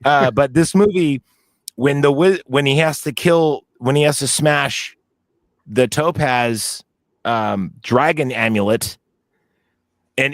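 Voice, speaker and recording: A man's voice: mid-range voice, dry recording. A man co-hosting a casual movie-review podcast, telling long anecdotes that drift into tangents. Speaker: podcast co-host.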